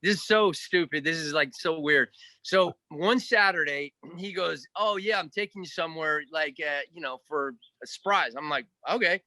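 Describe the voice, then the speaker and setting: A man, a guest actor, rambles through a long anecdote in a laid-back interview, animated and occasionally profane as he mimics what others said. He talks at a moderate pace in a slightly high voice, with no echo.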